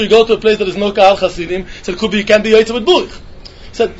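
High-voiced man giving a Talmud lecture. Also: steady tone, racing, lo-fi sound, slight background noise. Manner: mixes English with Hebrew and Yiddish terms, repeats phrases, restarts often. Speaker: Talmud teacher.

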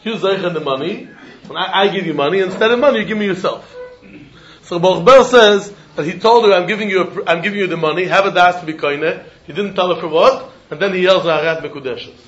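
A man giving a Talmud lesson in a lively, questioning way, mixing Yiddish terms into his English. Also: high voice, fast. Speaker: Talmud teacher. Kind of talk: yeshiva-style Talmud lesson. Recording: dull echoey room with faint noise.

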